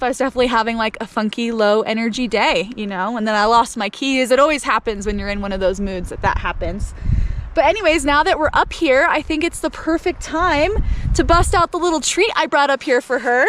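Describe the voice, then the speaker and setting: A woman's voice: on the high side, slight background noise. A young woman vlogging casually outdoors by a mountain lake, chatty and upbeat, talking to the camera and giving commands to her dog. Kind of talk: casual vlog talk to camera.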